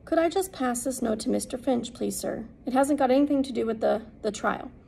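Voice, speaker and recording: A woman's voice: on the high side, a little fast, gravelly, mellow, husky, low-quality recording. A woman voicing a stern, indignant housekeeper who scolds the children. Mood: polite.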